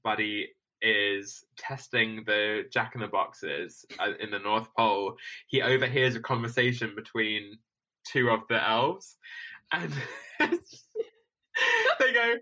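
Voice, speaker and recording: A man co-hosting a casual chat, animated and laughing often as he recalls favorite film lines. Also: lowish voice, a little slow, poor audio. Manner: animated, laughing, quotes lines in playful voices. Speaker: podcast co-host.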